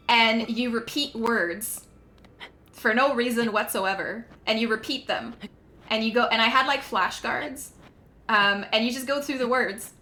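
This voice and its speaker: Giggly woman, slow and bright. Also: fairly high pitch, a little hiss or hum. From Quebec, Canada. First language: French. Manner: giggly, apologetic, chatty. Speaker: streamer. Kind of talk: casual chat with stream viewers while gaming.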